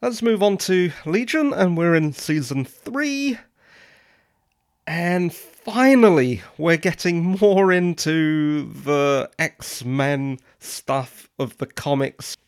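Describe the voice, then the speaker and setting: A man's voice: a little high, lively intonation, takes it slowly, smooth, no echo, studio quality. A man hosting a solo podcast, giving opinionated, wry and dryly sarcastic commentary. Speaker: podcast host.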